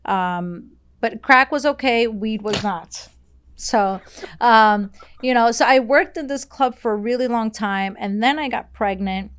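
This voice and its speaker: A woman's voice: fairly high pitch, a little slow, fairly bright tone, smooth. A woman from Brazil, a podcast guest telling her story in a candid, rambling way, full of "like"s and blunt swearing. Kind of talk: casual interview storytelling.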